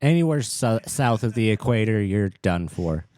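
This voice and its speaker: A man's voice: lowish voice, lively intonation, normal speed, a little mellow, no echo. A man co-hosting a podcast with dry, laid-back humor and frequent laughs. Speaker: podcast co-host. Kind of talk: casual podcast banter.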